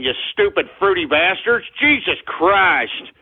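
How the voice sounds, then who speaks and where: Over lo-fi, phone-like radio audio, a man from Texas hosts a call-in show and belligerently rants, cursing out his listeners. He sounds fairly high-pitched, husky, and animated, speaking at a normal speed.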